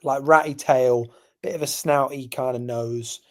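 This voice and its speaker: A young man from England, co-hosting a podcast and telling stories animatedly, jumping from loud to hushed. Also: mid-range voice, fairly even intonation, unhurried. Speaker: podcast co-host. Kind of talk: casual chat.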